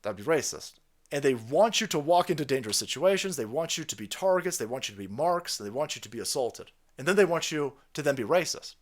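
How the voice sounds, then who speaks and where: A man ranting in profane political commentary over a clip, sarcastic and mocking, dropping to mutters and then bursting out loudly. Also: on the high side, expressive, quick pace, hardly any pauses. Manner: sarcastic, mocking, swings from mutters to loud outbursts. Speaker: commentary streamer.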